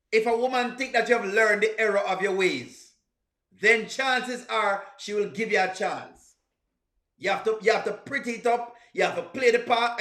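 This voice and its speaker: A man comments on clips with a high, bright voice. He preaches and teases in short, punchy bursts, and the room around him sounds echoey. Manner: preachy, teasing, punchy exclamations. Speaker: reaction video host. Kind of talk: comedic reaction commentary.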